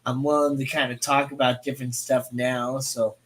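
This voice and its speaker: A man's voice: mid-range voice, little pitch movement, moderate pace, fairly bright tone. A man in his thirties from St. Louis, Missouri, co-hosting a casual livestream, rambling with many fillers and laughing often. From United States. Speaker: co-host.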